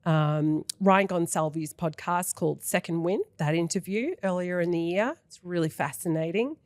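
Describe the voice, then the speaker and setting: A woman's voice: on the low side, moderate pace, a little mellow, dry recording. Effusive, swearing woman podcast host. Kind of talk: casual interview chat. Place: podcast studio.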